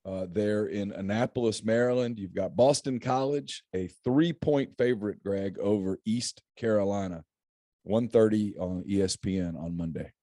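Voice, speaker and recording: A man's voice: lowish voice, moderate pace, mellow, dry recording, studio quality. A middle-aged man hosting a casual chat about game picks, joking and laughing often. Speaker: podcast host.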